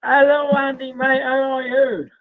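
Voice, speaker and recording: A man calling in to a live stream, rambling with many pauses and calling the host mate. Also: very high voice, completely flat delivery, no room sound. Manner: rambling, says mate a lot, frequent ums. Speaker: caller. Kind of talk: casual phone chat. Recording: tinny dry phone line.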